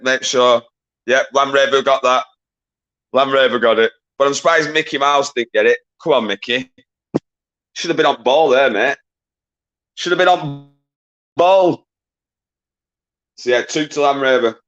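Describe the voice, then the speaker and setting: A man hosting a live-stream quiz, bantering with chat, giving quick shout-outs, swearing casually and laughing often. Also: mid-range voice, muffled recording. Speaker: livestream quiz host.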